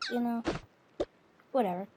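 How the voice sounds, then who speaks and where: A woman's voice: on the high side, steady tone, unhurried. A woman narrating a pretend play scene and talking as a bossy, chatty mother figure. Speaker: toy role-play narrator. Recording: noisy home recording with clicks.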